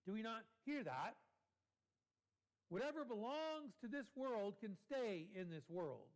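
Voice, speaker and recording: A man preaching a sermon in a church, deliberate and repeating key phrases for emphasis. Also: high-pitched, sing-song.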